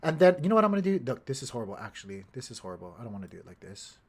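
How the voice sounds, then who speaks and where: A man's voice: mid-range voice, very animated, very fast, slightly rough. A man hosting a casual livestream, rambling through charts, talking to his chat and muttering to himself when his gear acts up. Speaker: crypto livestream host.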